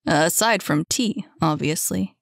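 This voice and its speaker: A woman voicing a clumsy, gentle young man who speaks firmly with a gentle tease. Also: slow, vocal fry, no echo, clean studio sound. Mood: wry. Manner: lowered, firm, gently teasing.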